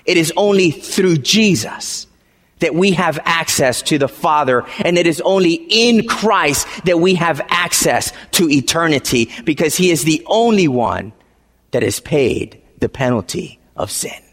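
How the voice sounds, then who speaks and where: Emphatic high-voiced preacher in an echoing hall. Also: male voice, animated, a little slow. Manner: emphatic, repeats phrases, swings between quiet and shouting. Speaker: pastor. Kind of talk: sermon. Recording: long hall reverb.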